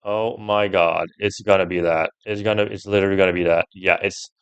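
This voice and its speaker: A young man with a fairly low voice commentates a puzzle game, working it out step by step. He swears freely and gets loudly annoyed when a puzzle beats him. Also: steady tone, brisk, clean tone. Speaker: gameplay streamer.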